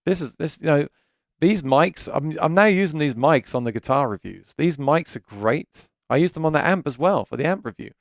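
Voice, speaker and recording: A man's voice: a little high, lively intonation, normal speed, no room sound. A British man hosting a live gear chat stream from his home studio, chatty and rambling, often restarting his sentences. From Britain. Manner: chatty, rambling, self-correcting. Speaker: gear channel host.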